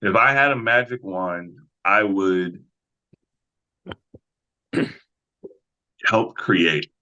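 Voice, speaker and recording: Man, 30s, actor guest, deep voice, relaxed storyteller, dull lo-fi audio. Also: very slow. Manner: relaxed storyteller who acts out other voices. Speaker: actor and fight coordinator. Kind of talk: casual podcast interview. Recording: slightly dull lo-fi sound.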